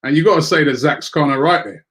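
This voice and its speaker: A man hosts a live football fan stream, his voice pitched a little high. He speaks calmly between his guest's rants and reads viewer comments aloud. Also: fast. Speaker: host of a fan show.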